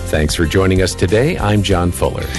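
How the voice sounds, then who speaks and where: Man, radio host, low voice, relaxed, music underneath. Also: normal speed.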